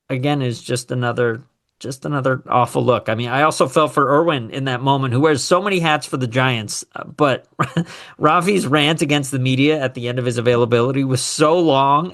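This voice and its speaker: A man hosting a casual sports talk show, animated and opinionated, with sarcastic asides. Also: medium pitch. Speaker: podcast host.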